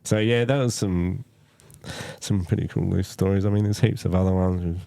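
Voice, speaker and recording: A man's voice: low voice, moderate pace, gravelly, dry recording. A man telling loose, profane stories as a podcast guest. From Australia. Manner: loose, profane storytelling with lively quoted voices. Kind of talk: casual storytelling chat.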